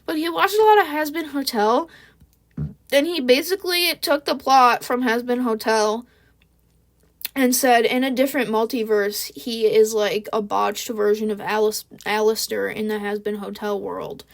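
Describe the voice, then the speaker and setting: A woman's voice: a little high, measured pace. A woman telling a casual storytime, sarcastic and slangy, swearing freely as she talks into a home recording mic. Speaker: vlogger.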